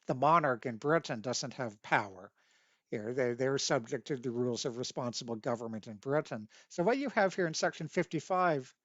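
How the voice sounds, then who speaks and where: Guy lecturing slow and careful, dry muffled webcam sound. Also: medium pitch, expressive, fairly bright tone, no room sound. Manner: deliberate, reads statutes aloud, stresses key words. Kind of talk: lecture on constitutional history. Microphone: webcam mic.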